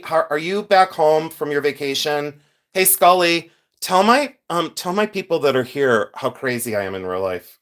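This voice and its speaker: A man's voice: fairly high pitch, fairly bright tone. A man hosting a casual livestream, chatting with viewers, greeting them by name and laughing often as he talks. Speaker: livestream host sorting jewelry.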